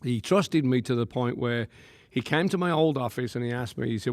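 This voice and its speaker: A man, a pastor and podcast guest, telling stories in a lively way, laughing often and acting out the quotes. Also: medium pitch, a little fast. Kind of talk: animated storytelling. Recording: long room reverb.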